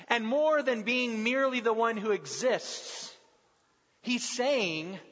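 A man preaching a sermon earnestly and emphatically, with long pauses. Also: extremely high pitch, fairly bright tone. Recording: dull recording with long hall reverb.

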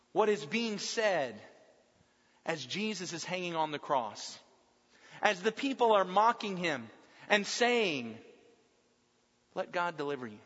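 A male preacher with a high voice delivers an emphatic sermon. He builds his points through lists of repeated phrases. The recording sounds dull and muffled, with a long echo from a large hall. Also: fairly bright tone, breathy edge.

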